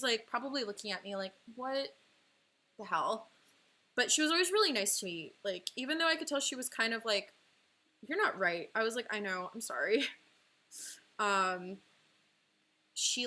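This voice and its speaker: A woman's voice: on the high side, bright, forceful tone. A young woman in her twenties chatting on a livestream, telling a personal story in a casual, emotional way full of "like". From California. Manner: chatty, heavy use of "like", emotional, breaks into laughs. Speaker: livestream artist and host.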